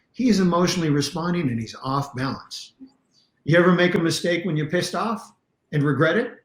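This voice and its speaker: Emphatic man teaching self-defense, roomy sound. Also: a little high. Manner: animated, emphatic teaching with blunt examples. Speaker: martial arts instructor and self-defense coach. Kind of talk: podcast interview guest. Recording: roomy echo.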